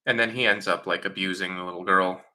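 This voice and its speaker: Bright-voiced opinionated man. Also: low voice, fairly even intonation, quick pace. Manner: opinionated, mocking voices in quotes, frequent fillers. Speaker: livestream host answering chat questions. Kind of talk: casual live Q&A monologue.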